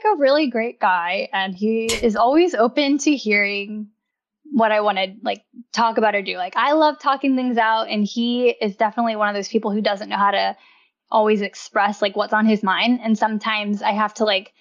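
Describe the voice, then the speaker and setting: A woman's voice: mid-range voice, moderate pace, muffled recording. A young woman talking casually as a podcast guest, chatty and laughing often, with lots of "like" fillers. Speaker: podcast guest, wellness writer. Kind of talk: casual interview chat.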